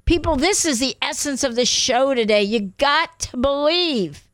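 A woman's voice: sits high, lively intonation, unhurried, a bit bright, no room sound. A woman pastor hosting a radio show, preaching emphatically and affirming her guests. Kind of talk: radio sermon talk.

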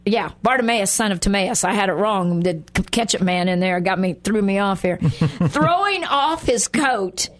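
A woman's voice: medium pitch, moderate pace. A woman hosting a Christian radio talk show, teaching from the Bible and acting out the scenes with animation. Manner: animated, acts out scripture scenes in lively voices and laughs often.

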